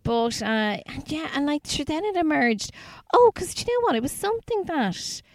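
An Irish woman hosts a podcast in a chatty, lively way. She tells stories dramatically and narrates a true-crime case with plenty of feeling. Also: high voice, moderate pace, no room sound. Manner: chatty, laughing, dramatic retelling. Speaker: podcast host. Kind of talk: casual chat and case narration.

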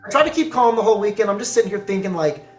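A somewhat high-voiced man animatedly recounts a tournament, jumping into the voices of everyone he quotes. The room rings with echo, and faint music sits underneath. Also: rapid-fire. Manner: animated, acts out quoted exchanges. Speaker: card game player recounting a tournament. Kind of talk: casual storytelling.

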